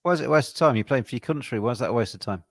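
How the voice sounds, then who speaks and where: A man's voice: mid-range voice, very fast, no echo, clean studio sound. A man co-hosting a podcast, talking cricket in an earnest, rambling way with frequent restarts. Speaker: podcast co-host. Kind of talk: casual cricket chat.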